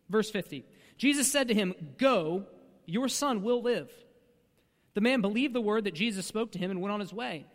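A man's voice: very high voice, a bit bright, long reverb tail. A man preaching a sermon as a pastor, talking in a conversational way with frequent rhetorical asides.

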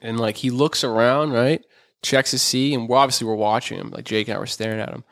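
A young man co-hosting a podcast, telling stories in casual, animated chat full of swearing and "bro.". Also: medium pitch, fast talker, creaky, dry recording. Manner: animated, swears a lot, says bro and dude. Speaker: podcast co-host.

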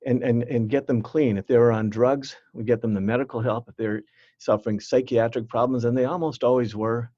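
A man's voice: medium pitch, steady tone, brisk, mellow, no echo. A man in an interview, recounting his outreach work earnestly, often repeating words and acting out the voices he quotes. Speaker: interview guest, former youth outreach worker. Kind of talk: candid interview storytelling. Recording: slightly dull, dry sound.

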